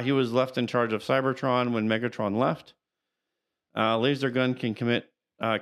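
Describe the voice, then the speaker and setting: A man co-hosting a casual podcast chat, talking in a halting, rambling way and reading out character facts. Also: medium pitch. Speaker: podcast co-host.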